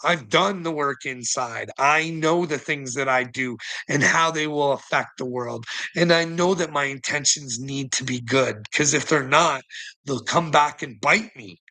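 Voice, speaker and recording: A man's voice: mid-range voice, a little slow, pushed and bright, rough recording. A man delivering a rambling, profane monologue as a vlogger, laughing between phrases.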